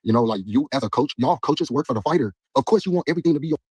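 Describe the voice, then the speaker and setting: A man, a boxer in an interview, venting about his coach in a heated, rapid way. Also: mid-range voice, expressive, a little mellow, husky, no echo. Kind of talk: interview clip.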